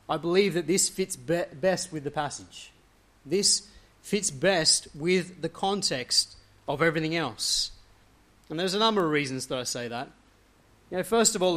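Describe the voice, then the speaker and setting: A man delivers an earnest expository sermon in a voice that sits a little higher than most men's. He reads a passage aloud, then explains it point by point, often letting his sentences sink lower and softer as they close. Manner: earnest expository preaching, leaning into quoted scripture. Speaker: preacher.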